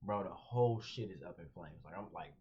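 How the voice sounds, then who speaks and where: A young man telling a story casually as a vlogger, animated and slangy, calling everyone "bro". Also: low-pitched, fairly quick, a little hiss or hum. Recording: dull lo-fi audio.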